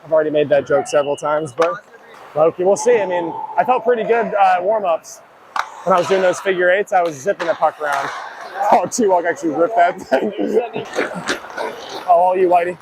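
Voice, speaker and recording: A young hockey player from Ohio talks as he skates, winded and rambling, poking fun at himself. His voice sits on the high side for a man. A body mic picks him up over clear, constant rink noise. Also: fairly quick. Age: young adult. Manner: rambling, self-mocking, chatty. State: out of breath. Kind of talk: casual mic'd-up practice commentary. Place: indoor ice rink. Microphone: wireless body mic worn while skating. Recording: noisy rink ambience.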